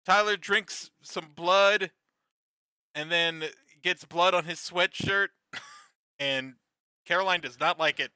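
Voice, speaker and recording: A man with a very bright, slightly high voice talks casually through a TV episode recap. He laughs often, swears freely and jumps into quick acted-out lines. The mic is close and dry. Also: smooth, no echo. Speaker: podcast co-host.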